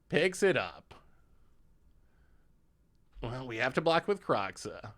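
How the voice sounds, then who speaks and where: A man's voice: mid-range voice, sing-song, slow, long pauses, a bit bright. A man streaming a card game, commenting live on each play, reacting to the opponent and thanking subscribers.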